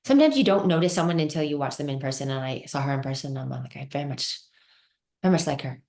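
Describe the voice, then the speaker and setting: A woman's voice: a bass voice, fast talker, creaky, a little mellow. A woman talking as a guest skating analyst in casual, enthusiastic chat, with frequent fillers. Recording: roomy echo.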